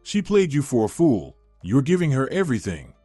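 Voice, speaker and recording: A domineering older mother-in-law, scornful and commanding, as a male storyteller reads her lines. The delivery rises and falls with lively pitch. It sits dry and close with faint music underneath. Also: normal speed, slightly rough, no room sound. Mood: furious.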